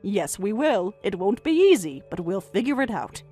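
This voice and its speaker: A woman voicing a calm, firm older grandmother in a narrated story, speaking in a measured, steady way over faint music. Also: medium pitch, dry recording. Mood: gentle.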